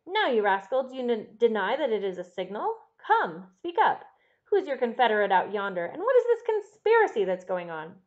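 A woman's voice: fairly high pitch, fairly quick, few pauses, dull audio, close to an everyday voice. A woman voicing a stern young baronet who demands answers from his butler, in an audiobook reading. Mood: angry. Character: stern young male baronet, master of the house.

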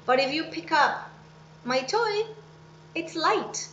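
A woman teacher giving a recorded English lesson for children, speaking slowly and clearly and repeating each word for her pupils. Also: high-pitched, animated, bright, forceful tone, muffled recording, a little hiss or hum. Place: at home. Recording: echoey room.

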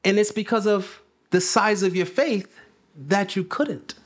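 A man's voice: sits high, a little slow. A man preaching a sermon, asking his listeners questions and repeating phrases for emphasis. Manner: conversational, asks the congregation questions. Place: church.

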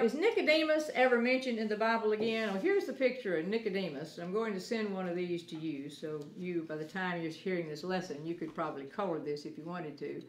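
A woman teaching a children's Sunday school lesson, gently explaining things step by step as she talks to children. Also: on the low side, roomy sound, a little hiss or hum.

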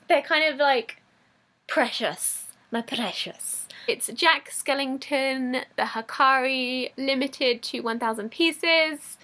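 Excitable woman, high and bright, casual unboxing vlogger who gushes and laughs. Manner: gushing, excitable, laughs often. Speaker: YouTuber opening fan mail.

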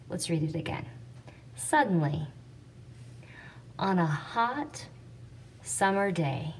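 A woman teacher patiently explaining sentence writing step by step. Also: lowish voice. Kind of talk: classroom explanation. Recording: distant mic with faint noise.

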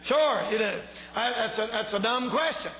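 Fervent preacher, high and echoey. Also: male voice, normal speed. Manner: fervent, shouting preaching with rising outbursts. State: strained voice. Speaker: pastor. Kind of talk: revival sermon. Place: church. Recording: echoey church hall, tinny phone-like sound.

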